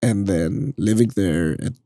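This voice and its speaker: A man with a Filipino accent, a musician and DJ, chatting casually as a podcast guest in a relaxed, laid-back way. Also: deep voice, unhurried, dry recording, clean studio sound. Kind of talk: casual podcast chat mixing Tagalog and English.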